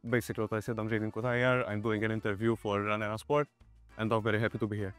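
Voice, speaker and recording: Relaxed young man with a Maltese accent. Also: on the low side, racing, soft background music. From Malta. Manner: relaxed, friendly, says "you know" often. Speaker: water polo player, guest. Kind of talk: casual interview answers.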